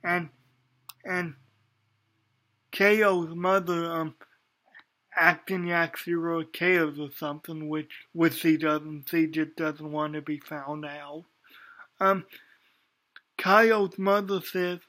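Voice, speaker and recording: Slow, hesitant man reviewing anime. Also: a little high, level tone, bright, forceful tone. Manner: hesitant, many ums and restarts. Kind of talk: casual spoken review.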